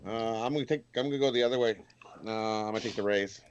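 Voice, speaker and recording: A man's voice: fairly low pitch, quick pace, clean tone, lo-fi sound. A man on a sports betting panel, giving his picks hesitantly with lots of filler sounds. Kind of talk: casual sports betting chat.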